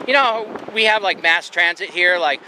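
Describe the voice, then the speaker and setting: A man's voice: sits high, moderate pace, pushed and bright, slight background noise. A man filming on a sidewalk with a handheld camera, chatting casually and rambling with frequent laughs. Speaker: YouTube auditor filming in public. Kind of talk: casual chat to camera and with an officer. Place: outdoors on a sidewalk by a road. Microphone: handheld camera mic.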